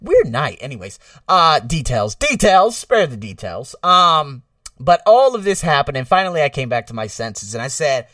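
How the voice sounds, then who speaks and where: A man talking straight to his viewers in a casual vlog monologue. His pitch jumps around a lot as he jokes and swears, with loud bursts and then quiet asides. The mic sits a little away from him in a dry, dead room. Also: normal speed, no echo, distant mic. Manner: animated and jokey, swings between loud bursts and low asides, swears casually. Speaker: vlogger.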